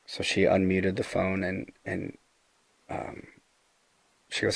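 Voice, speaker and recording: Middle-aged man, husky low voice, earnest storyteller, dry close mic. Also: steady tone, a little slow, long pauses, a bit bright, dry recording. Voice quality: low gravelly voice. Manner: earnest, retelling dialogue with frequent restarts. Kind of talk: casual storytelling.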